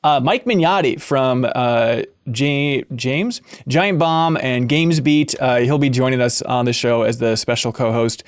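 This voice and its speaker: A man hosting a games podcast in a playful, jokey way, breaking into sudden excited whoops. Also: mid-range voice, a little slow, few pauses, no echo, studio quality. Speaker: podcast host.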